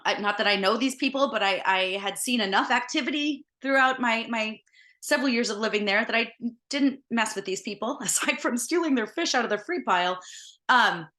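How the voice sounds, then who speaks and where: Brief: woman storyteller, earnest and conversational, sharp bright tone. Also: fairly high pitch, brisk. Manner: earnest, conversational, retelling events vividly. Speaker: podcast host. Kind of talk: personal storytelling.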